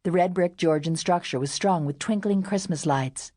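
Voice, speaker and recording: A woman narrating a romance audiobook in a calm, measured way. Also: fairly low pitch, no room sound, clean studio sound. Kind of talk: scripted narration.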